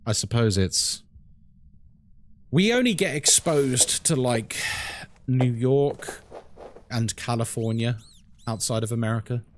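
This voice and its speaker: British male game streamer, casual explainer voice, lively pitch. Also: takes it slowly, long pauses, slight background noise. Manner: chatty and explanatory, many fillers like "like" and "um". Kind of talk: live gameplay commentary, answering chat.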